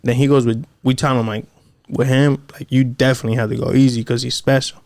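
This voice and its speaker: Male podcast host, gravelly voice, animated storyteller, casual chat. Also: medium pitch, fast, no room sound. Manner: animated storyteller acting out quotes in raised voices.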